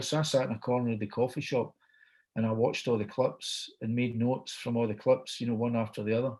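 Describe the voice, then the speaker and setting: Speaking briskly at medium pitch with a level, darkish tone, a middle-aged man with a Scottish accent tells an anecdote as a guest storyteller. He keeps it chatty, voicing what people said along the way.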